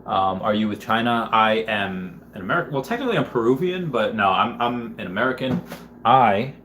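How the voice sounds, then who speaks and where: A man's voice: lowish voice, expressive, a little fast, a bit bright, slight background noise. Rambling man in an echoey room. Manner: rambling, with many fillers and restarts. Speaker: livestreamer reading viewer comments. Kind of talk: casual livestream chat. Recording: roomy echo.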